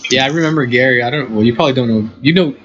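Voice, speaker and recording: A man's voice: medium pitch, rapid-fire, muffled recording. Laid-back man, chatter behind. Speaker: postal worker guest. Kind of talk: casual chat.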